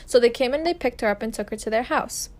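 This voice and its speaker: A woman's voice: fairly high pitch, quick pace, a little mellow. A young woman telling a family story in a casual, exasperated storytime monologue.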